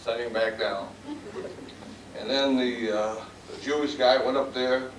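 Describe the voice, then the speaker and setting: A man's voice: medium pitch, steady tone, measured pace, a little hiss or hum. A man with a Midwestern American accent giving a folksy, self-deprecating acceptance speech full of jokes in a banquet room. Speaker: award recipient giving a speech. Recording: echoey hall taped from far off, loud crowd. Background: crowd murmur and laughter.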